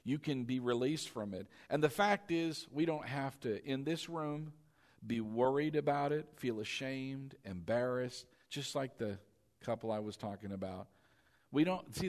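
A male pastor delivering a sermon, leading the congregation in call-and-response and swinging from loud, emphatic peaks down to soft, intimate asides. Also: medium pitch, normal speed, big-room sound. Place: church sanctuary.

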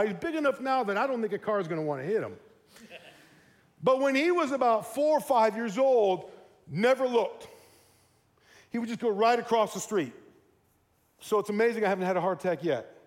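Male pastor preaching a sermon, high voice, lively swooping pitch, echoing church hall. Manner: animated, acts out quoted voices. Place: church sanctuary.

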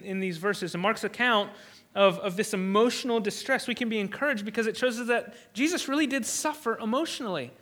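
A man delivers a sermon from the pulpit with a high, bright voice. He preaches in an earnest, emphatic way, often repeating a word as he restarts a phrase. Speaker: pastor.

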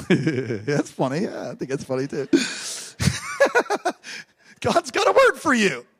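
A man preaching a sermon, telling stories with animated energy, bursts of laughter and emphatic repeated declarations. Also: fairly high pitch, takes it slowly, breathy edge.

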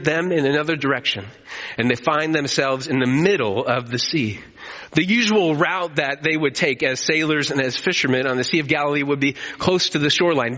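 Man, pastor, sermon, bright forceful voice, animated storytelling, echoey hall, slightly dull sound. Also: on the high side. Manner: animated storytelling, calls on the congregation. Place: church hall.

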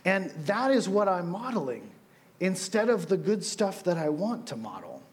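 A man's voice: high-pitched, moderate pace. A man preaching as a youth pastor, telling stories in a casual, chatty way. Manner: casual, storytelling, animated asides. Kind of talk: sermon.

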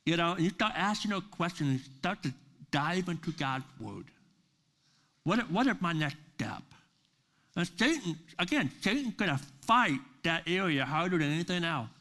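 A man preaching a sermon as pastor at a church service, earnest and building to forceful emphasis on key words. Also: a little high, sing-song, moderate pace.

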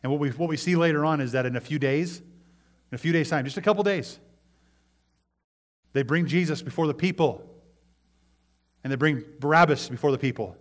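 A man, a pastor, preaching a conversational sermon. He asks his listeners questions and his voice often drops soft at the ends of phrases. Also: a little high, normal speed, long pauses. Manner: voice rises and falls widely in loudness, dropping soft at phrase ends.

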